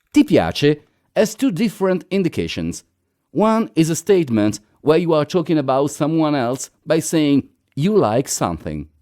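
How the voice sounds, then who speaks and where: A man reads a beginner language lesson in a slow, measured way. His voice is mellow and fairly high for a man, with a very lively rise and fall. The delivery is scripted narration, one rule at a time. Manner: slow, measured reading of dialogues and rules. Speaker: language teacher.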